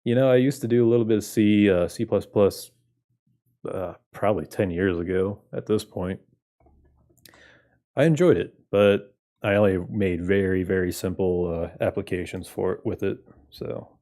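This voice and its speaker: A man's voice: deep voice, normal speed, dark tone. A man giving casual commentary while playing games, laid-back and chatting with viewers, often laughing. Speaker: game streamer. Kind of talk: casual game playthrough commentary.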